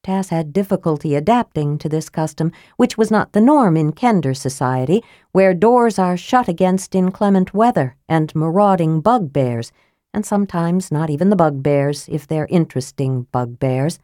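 A woman narrating a fantasy audiobook in a measured, grave storytelling manner, close to a studio microphone. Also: deep voice, expressive, warm tone, no room sound.

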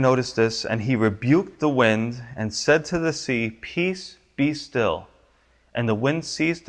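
A pastor preaching a sermon, his voice climbing high and loud for the pleas and dropping low and soft on the promises.

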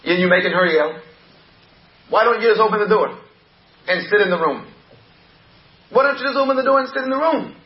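A man's voice: high voice, fairly quick, pauses often, reverberant, dull audio, close to an everyday voice. A man voicing a scheming male devil who whispers temptations in a coaxing, persuasive way.

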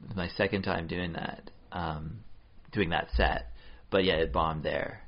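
A man's voice: low-pitched, fairly even intonation, unhurried, lo-fi sound. A man, a stand-up comedian, talking casually and loosely with laughing asides. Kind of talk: casual chat.

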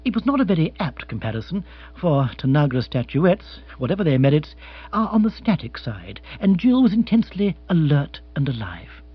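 Male narrator, husky, animated pitch, dry close audio with dull top end. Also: moderate pace. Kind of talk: scripted narration.

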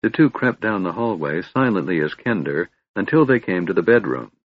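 A man narrating a fantasy audiobook in a measured storytelling delivery. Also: deep voice, big pitch swings, dry recording, lo-fi sound.

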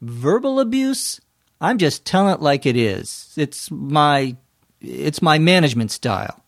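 A man's voice: on the high side, very animated, measured pace, creaky, no echo, studio quality, heavily acted. A man reading a scripted dialogue as a blustering, arrogant middle-aged male boss. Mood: brash.

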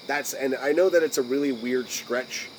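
An American man co-hosting a podcast, talking casually with frequent swearing and pausing to search for his words. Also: mid-range voice, a little hiss or hum, poor audio. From United States. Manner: rambling, profane, searching for words. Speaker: podcast co-host.

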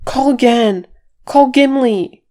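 A woman's voice: high-pitched, takes it slowly, pitched above the performer's own voice. A woman doing an urgent young dwarf prince. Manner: urgent, then hushed.

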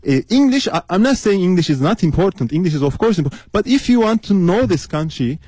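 A man's voice: high voice, big pitch swings, fast talker, a little mellow, breathy edge, no echo. A man from Turkey, a guest on a radio interview, speaking earnestly with many hesitations. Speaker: studio guest. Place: radio studio.

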